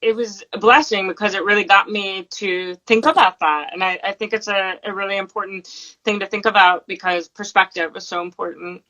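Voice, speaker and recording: A woman's voice: mid-range voice, steady tone, brisk, bright, forceful tone, dull audio. A woman joining a video chat as a guest, talking in a playful, affectionate, teasing way. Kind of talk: casual chat.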